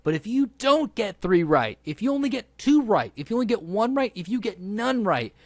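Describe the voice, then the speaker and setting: Lively, playful man hosting a podcast. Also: high-pitched, no echo. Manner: playful, quick-witted, game-show hype. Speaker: podcast host. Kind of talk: casual podcast chat.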